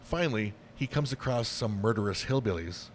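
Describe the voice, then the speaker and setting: A man with a lowish voice chats loosely on a podcast, swearing often and tripping over his words. A faint hum of room noise sits under his voice. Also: expressive, moderate pace. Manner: rambling, swears a lot, many fillers and restarts. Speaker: podcast co-host. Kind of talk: casual chat.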